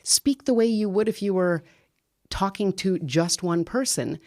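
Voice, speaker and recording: A woman talking as a guest on a podcast, explaining communication advice with lively storytelling. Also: medium pitch, unhurried. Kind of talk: podcast conversation.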